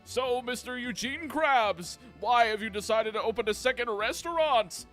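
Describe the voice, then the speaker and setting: A man putting on a booming, showy cartoon TV announcer voice, with slow, grand delivery. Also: animated, a bit bright, soft background music. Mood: showy, hyped.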